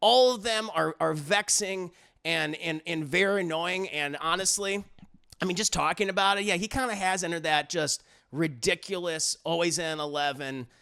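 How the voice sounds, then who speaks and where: A man's voice: sits high, normal speed, vocal fry, bright, forceful tone, clear, resonant tone. A man giving a blunt, sarcastic film review in a casual livestream chat.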